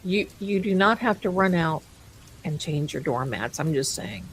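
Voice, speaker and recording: A woman's voice: low voice, animated, moderate pace, slight background noise, low-quality recording. A woman hosting a live stream, chatting casually and rambling, amused by her own jokes and calling viewers her darlings. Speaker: livestream host.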